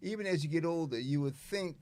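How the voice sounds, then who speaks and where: A man on a radio talk show, handing out life advice in a storytelling way. He slips into voices to act out what other people said, and his voice sits a little high for a man. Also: brisk, a little mellow. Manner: preachy, storytelling, acts out quotes. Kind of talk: casual radio chat.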